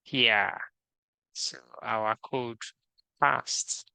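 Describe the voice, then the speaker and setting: Lively intonation marks this man's mid-range voice, which is gravelly and sharp-toned, with no echo. Leading a screen-recorded coding tutorial, he is slow and methodical, reading out every task and narrating his steps.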